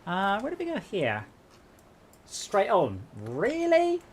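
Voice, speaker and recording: Male streamer, casual gaming chat, joking and self-deprecating, very lively pitch. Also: slow, a little hiss or hum. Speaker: streamer playing co-op driving game.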